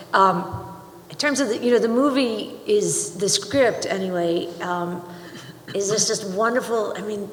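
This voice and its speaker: A middle-aged woman speaks on a panel in a big auditorium. She is chatty and keeps breaking off to restart her sentences. The sound is roomy, with a long hall tail and a faint hiss underneath. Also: medium pitch. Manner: chatty, self-interrupting, laughs often. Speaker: panelist, screenwriting teacher. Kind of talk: panel discussion, casual. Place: large auditorium.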